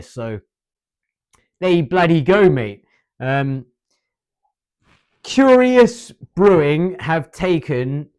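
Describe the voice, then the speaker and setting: A man's voice: on the high side, a little mellow, clean tone. A man from England with an English accent, giving a rambling, enthusiastic beer review full of slang and mild swearing. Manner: rambling, enthusiastic, salty, keeps saying "mate". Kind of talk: casual chatty review.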